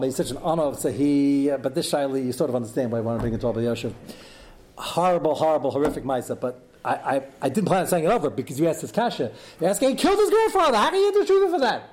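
A man teaching a Torah class, telling a story animatedly with frequent Hebrew and Yiddish terms and quick asides. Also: on the high side, darkish tone, a little hiss or hum.

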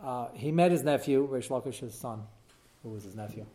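A man teaching a text-study class, explaining quickly and animatedly with frequent "uh" fillers. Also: mid-range voice, warm tone.

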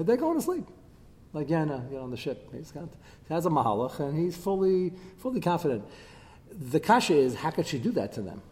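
Animated male teacher in a reverberant hall. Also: medium pitch. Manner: animated, voice leaping up when quoting and chanting verses. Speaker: Bible teacher. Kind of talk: text-study class.

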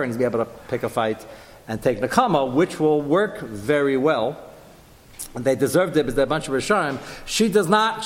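A man giving a lively Torah class to a group, jumping his pitch up to act out quoted lines. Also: long reverb tail.

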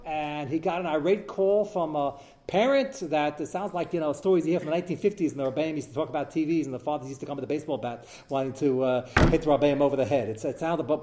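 A man's voice: fairly high pitch, mellow. A man hosting a talk show, telling a story in a rambling way and peppering his speech with Hebrew and Yiddish terms. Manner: repeats and restarts while telling a story.

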